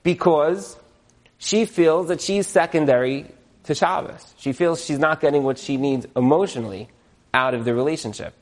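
A man with a slightly high voice gives a lively, joking religious talk to a live audience. He keeps asking the listeners if they follow, and he drops Jewish religious terms as he goes. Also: moderate pace. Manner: animated, joking, asks the audience questions. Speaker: speaker giving a talk to an audience. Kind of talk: humorous religious lecture.

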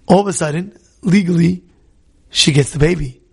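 High gravelly-voiced male storyteller. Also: moderate pace. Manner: conversational, repeats himself, quizzes listeners. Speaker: religious teacher. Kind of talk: storytelling Torah class.

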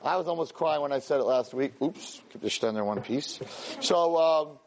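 A man teaching a weekly class, telling a story with lively energy, stumbling over and repeating words and acting out the characters' lines. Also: fairly high pitch, normal speed, a little hiss or hum. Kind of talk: animated storytelling lesson.

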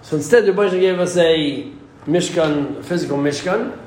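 A man with a somewhat high voice teaches an informal Torah class. He talks conversationally and keeps posing rhetorical questions. The recording is roomy, with faint ambience behind him. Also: normal speed, a little mellow, a little hiss or hum. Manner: conversational, asks rhetorical questions, restarts sentences.

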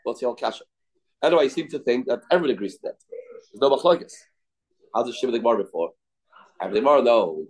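A man's voice: mid-range voice, lively intonation, fast talker, pauses often, darkish tone, rough recording. A man teaching a daily Talmud class. He explains in short, repeated phrases and asks rhetorical questions.

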